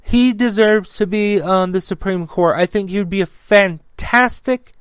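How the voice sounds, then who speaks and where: A man hosting a political news commentary podcast, blunt and profane, reading the news haltingly with frequent fillers. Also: sits high, clear, resonant tone, dry recording. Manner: reads news haltingly with many fillers and restarts. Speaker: podcast host.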